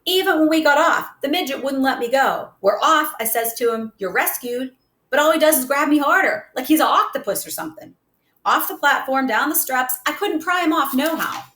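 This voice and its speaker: A woman's voice: high-pitched, animated, brisk, a bit bright, pitched above the performer's own voice. A woman voicing a tough, streetwise boy who talks in boastful slang. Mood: brash. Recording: roomy echo.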